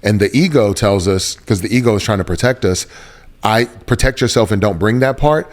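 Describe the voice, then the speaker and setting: This Houston, Texas man talks a little fast, his lowish voice earnest as he recounts a personal story during an interview. He gropes for words at times and repeats phrases to drive his point home.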